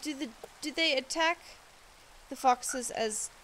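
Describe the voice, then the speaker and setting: A woman chatting casually while building in a game, gushing over the animals and cooing at them softly. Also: high voice, slow pace, background noise. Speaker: Minecraft builder. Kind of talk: casual gameplay commentary.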